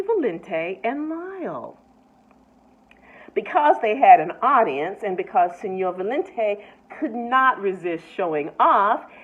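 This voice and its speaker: A woman, a nurse, reading a picture book aloud with expressive delivery and asides to her listeners. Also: fairly high pitch. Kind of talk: storybook read-aloud. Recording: tinny phone-like sound.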